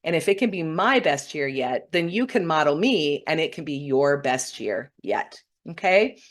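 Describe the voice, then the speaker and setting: Hosting a weekly broadcast as a spiritual teacher, this middle-aged woman has a deep, very animated voice and keeps a moderate pace. Her heartfelt talk to viewers is earnest and warm, and she frequently gets tearful when moved.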